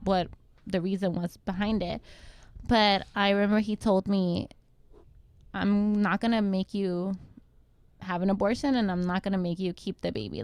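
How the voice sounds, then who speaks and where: A young woman telling a personal story in casual chat, acting out what others said to her in quick quoted lines. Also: mid-range voice, a little mellow, no echo. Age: young adult. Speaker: guest mother.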